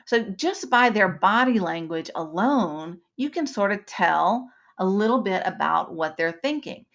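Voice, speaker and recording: A woman's voice: mid-range voice, animated, a little slow, fairly bright tone, muffled recording. A woman instructor giving a live webinar lesson, explaining points with acted-out examples.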